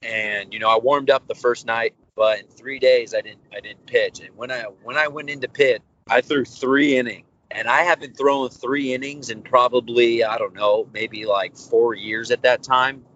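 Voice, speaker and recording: A young adult man, a baseball pitcher being interviewed, telling his story casually and acting out the dialogue as he goes. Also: moderate pace, few pauses. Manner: animated, candid storyteller acting out quoted dialogue. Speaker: professional baseball pitcher, guest. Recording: dull lo-fi audio with faint background noise.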